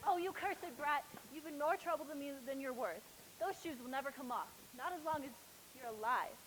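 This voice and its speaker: A woman's voice: high-pitched, animated, brisk. Girl playing a sneering wicked witch. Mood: menacing. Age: teens. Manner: sneering, mock-sweet taunting. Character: cruel scheming witch woman, gloating and menacing. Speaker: student actor. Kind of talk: school stage play. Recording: noisy stage recording.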